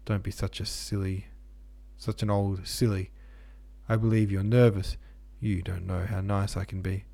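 Guy doing a young woman, coaxing then nasty, a bit higher than his gravelly voice. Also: fairly quick, warm tone. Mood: pleading. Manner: wheedling, then spiteful.

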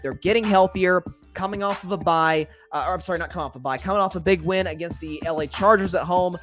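Faint music plays behind a man whose voice sits high with a fairly bright tone. Hosting a solo sports talk podcast, he's opinionated and candid, talks to listeners as folks, and makes quick self-corrections in a conversational flow.

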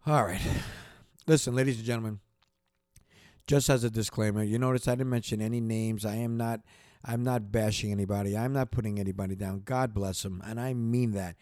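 A man's voice: fairly low pitch, fairly even intonation, a little fast, a little mellow, no room sound, studio quality. Passionate man hosting a motivational podcast. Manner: passionate, repetitive, gets worked up then apologizes. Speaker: podcast host.

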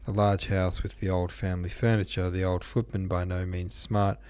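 A man's voice: low voice, flat delivery, normal speed, a little mellow, clear, resonant tone, no room sound. A man reading a classic novel aloud, unpolished, with small slips and asides. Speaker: audiobook reader.

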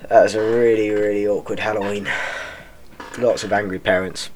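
A young man hosting a podcast, rambling in a deadpan, self-mocking way and swearing freely. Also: on the low side, normal speed. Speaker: podcast host. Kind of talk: rambling comic monologue.

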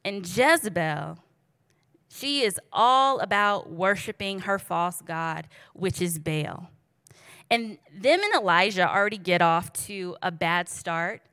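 A woman with a mid-range voice preaches in a casual, storytelling style, lively and joking as she speaks directly to her audience. There is no echo on the recording.

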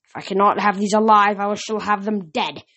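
A woman voicing a large, vengeful male monster that howls loud threats while reading a storybook aloud. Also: medium pitch, fairly even intonation, fairly quick. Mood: wailing.

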